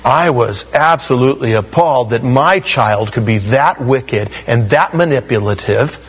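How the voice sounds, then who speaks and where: A man's voice: mid-range voice, expressive, moderate pace, breathy edge, poor audio. A middle-aged man preaching a sermon in a conversational way, acting out the quotes he tells. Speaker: pastor.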